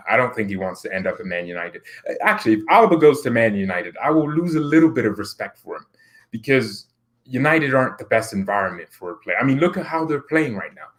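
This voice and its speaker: A man's voice: on the low side, fairly bright tone. A man hosting a football channel, chatting casually as he reads viewer comments, rambling and laughing often.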